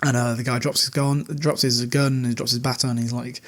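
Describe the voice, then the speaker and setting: A man's voice: mid-range voice, flat delivery, fairly quick, few pauses, fairly bright tone. A man hosting a podcast, chatting casually in a recap, laughing often and swearing freely. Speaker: podcast host.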